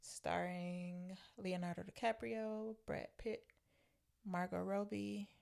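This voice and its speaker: A woman's voice: mid-range voice, fairly even intonation, takes it slowly, vocal fry, darkish tone. A woman co-hosting a movie podcast in casual chat, wry and questioning. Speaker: podcast co-host.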